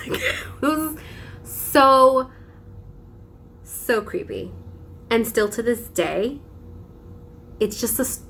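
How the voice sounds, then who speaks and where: A woman's voice: mid-range voice, a bit bright, a little hiss or hum. A young woman vlogging casually, telling a story with dramatic emphasis and frequent laughs.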